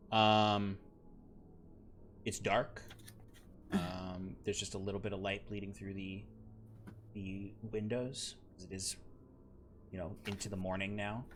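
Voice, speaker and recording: A man's voice: low voice, takes it slowly, pauses often, slight background noise. A man narrating as game master of a tabletop game, rambling with many fillers.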